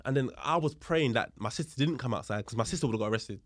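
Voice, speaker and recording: A man, a guest on a podcast, telling a story in a lively, casual way and acting out the other people's voices, with street slang and swearing. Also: mid-range voice, quick pace, dry recording. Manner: animated, acts out the voices of people in his story. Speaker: podcast guest, police officer.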